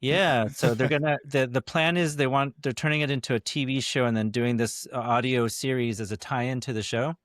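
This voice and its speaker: A male actor guesting on a podcast rambles along in a chatty, open way. His voice sits in a middle pitch. The sound is dry and close, with no room echo. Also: fairly even intonation, a little fast, hardly any pauses, a bit bright. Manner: talkative and rambling. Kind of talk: casual interview chat.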